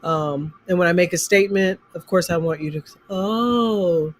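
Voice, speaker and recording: A language teacher in a relaxed chat, describing classroom struggles with frequent pauses and laughter. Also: mid-range voice. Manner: unhurried, trails off with fillers, laughs at own stories. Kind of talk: casual conversation about teaching.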